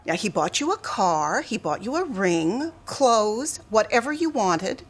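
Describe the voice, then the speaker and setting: A woman's voice: medium pitch, very animated, measured pace. An actress playing a middle-aged mother who scolds her daughter in a nagging, reproachful way.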